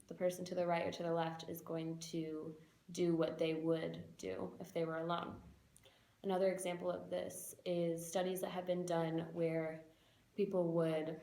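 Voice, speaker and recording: A woman's voice: lowish voice, creaky, a little mellow. A young woman giving a casual spoken lesson, explaining ideas with everyday examples and fillers. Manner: casual, with fillers and quoted inner voices. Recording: echoey room.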